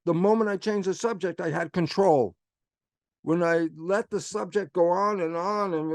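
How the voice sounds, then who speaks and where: An older man, a guest speaker, telling a story in an animated way with repeated emphasis over a video call. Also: high-pitched, moderate pace, dry recording. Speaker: guest speaker answering questions. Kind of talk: storytelling talk.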